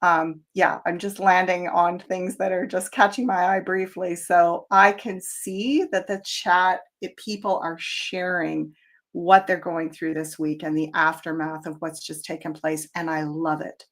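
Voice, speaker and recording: A woman's voice: on the low side, little pitch movement, measured pace. A middle-aged woman hosting a live tarot show, talking in a chatty, reflective way with plenty of fillers. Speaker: tarot reader.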